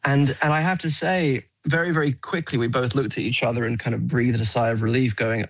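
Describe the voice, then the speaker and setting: A man, a film actor, answering interview questions in an earnest, animated way, often restarting phrases. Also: medium pitch, brisk, hardly any pauses, low-quality recording. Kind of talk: radio interview. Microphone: studio mic.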